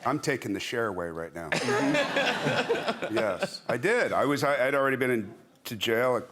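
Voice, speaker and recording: A man's voice: mid-range voice, sing-song, normal speed, heavy background noise. A male actor, a guest on a talk show, speaking bluntly and frankly about his past. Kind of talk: candid talk-show anecdote.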